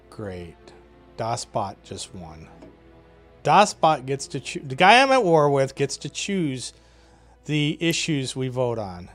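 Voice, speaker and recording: Man thinking aloud over a strategy game. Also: medium pitch. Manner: thinking aloud, wry, with frequent "uh" and short laughs. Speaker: game developer playing his own game. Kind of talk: casual gameplay commentary.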